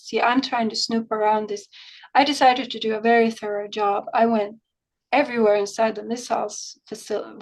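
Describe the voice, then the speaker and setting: A woman talks with an interviewer, telling a long story and quoting the people in it. Her voice sits on the high side. She talks in an animated way. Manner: animated storytelling, quotes conversations in her own voice. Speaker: remote viewer. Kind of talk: conversational interview recounting an experience.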